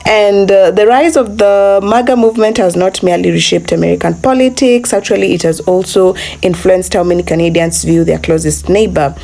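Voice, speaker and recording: A woman's voice: mid-range voice, fairly quick, creaky, hardly any pauses, warm tone. A woman hosting a commentary channel, narrating from a script with frequent "uh"s and restarts, calling her viewers "family". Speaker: channel host.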